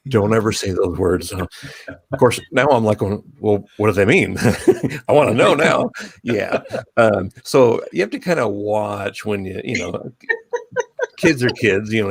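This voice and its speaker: A man on a live panel telling a relaxed, self-mocking story. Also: lowish voice, vocal fry, breathy edge. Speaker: panel guest. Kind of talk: casual storytelling.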